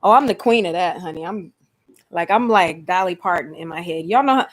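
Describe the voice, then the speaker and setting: A woman's voice: on the low side, fairly quick. Chatty woman hosting a livestream. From Atlanta, Georgia, USA. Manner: chatty and expressive, calls listeners "honey" and "y'all". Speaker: host. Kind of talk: casual livestream chat.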